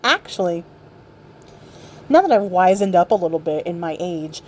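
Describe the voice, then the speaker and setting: A woman's voice: fairly low pitch, lively intonation, moderate pace. A woman doing a hesitant talking magic mirror. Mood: hedging. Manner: hesitant, hedging.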